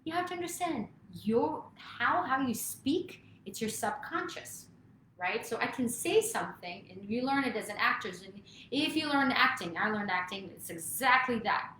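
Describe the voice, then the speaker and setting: A woman's voice: a little high, animated, moderate pace, bright, forceful tone, a little hiss or hum. Woman vocal coach in an echoey room. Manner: emphatic, often checks in with "right?". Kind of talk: motivational coaching talk to camera.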